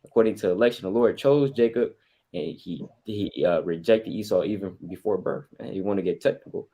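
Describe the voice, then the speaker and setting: A man with a low voice adds a point in a casual, conversational way. He talks in loose runs full of fillers and quick asides. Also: warm tone, slightly rough. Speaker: fellow street teacher. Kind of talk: casual commentary.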